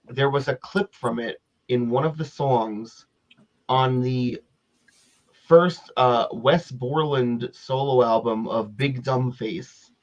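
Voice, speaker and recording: A man's voice: medium pitch, slow pace. A man in a casual group chat, making wry jokes. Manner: joking, wry asides. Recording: dull lo-fi sound.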